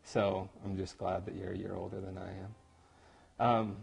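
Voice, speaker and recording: Gravelly, husky man, emotional. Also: sits low, little pitch movement, muffled recording. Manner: emotional, halting, self-deprecating. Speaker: longtime best friend. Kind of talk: personal video message. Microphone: camera.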